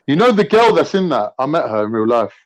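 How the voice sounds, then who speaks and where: A man talks on a live stream panel. His pitch swings widely as he tells stories, and he often breaks into mimicking other people's voices. His voice is pitched in the middle of the range. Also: fast talker. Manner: lively storyteller, mimics voices. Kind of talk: casual chat.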